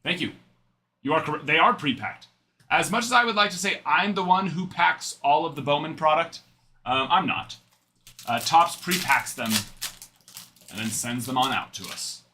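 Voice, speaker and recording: Lively chatty man hosting a card break. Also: a little high, moderate pace, long pauses, a little hiss or hum. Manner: chatty, rambling asides while reading out cards. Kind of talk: live card-break stream chat.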